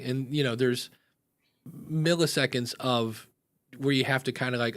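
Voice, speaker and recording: A man's voice: medium pitch, moderate pace, a bit bright. Chatty American man hosting a podcast. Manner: rambling, chatty, many fillers. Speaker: podcast host. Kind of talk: casual podcast chat.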